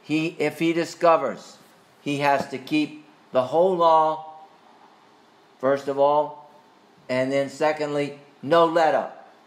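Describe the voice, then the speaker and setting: A man teaching a catechism class, questioning students by name and pausing with frequent fillers. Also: fairly high pitch, steady tone. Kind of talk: Bible study teaching.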